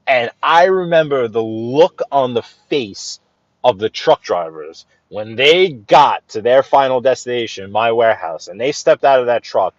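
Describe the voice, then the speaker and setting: He's a driving vlogger on a live tour, speaking with animation at a measured pace in a mid-range voice, pointing out things from the driver's seat. His talk wanders, with frequent restarts and playful asides. The recording is dry and a bit dull, like live-stream sound from inside a car.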